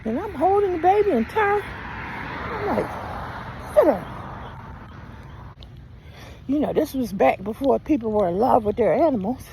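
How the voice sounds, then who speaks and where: An older woman vlogger telling a story in a lively, chatty way while out on a walk. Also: sits high, normal speed, noisy background. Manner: animated, chatty, Southern-style storytelling. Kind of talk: storytelling while walking outdoors. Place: outdoors on a walk, rural road.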